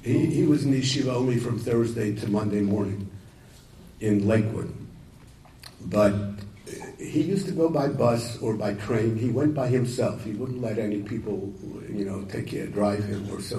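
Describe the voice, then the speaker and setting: Man speaking to yeshiva guys, lots of restarts, dark mellow voice, far off in an echoey room. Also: on the low side, a little hiss or hum. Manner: halting, repeats words, many restarts, mixes Yiddish and Hebrew terms. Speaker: speaker addressing yeshiva students. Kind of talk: informal talk to students, storytelling.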